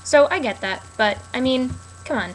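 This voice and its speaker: A woman's voice: high-pitched, animated, normal speed, a little hiss or hum, poor audio. A young woman rambling casually and sarcastically about a TV episode, with lots of fillers. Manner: chatty, sarcastic, many fillers. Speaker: TV recap vlogger.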